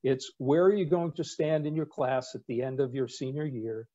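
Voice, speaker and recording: This retired U.S. Navy captain, now in his sixties, is a laid-back storyteller who trades in dry, wry anecdotes peppered with filler words, speaking at a normal, easy speed. The voice is mellow and warm at an average pitch, though the audio comes across a bit muffled and low-fidelity.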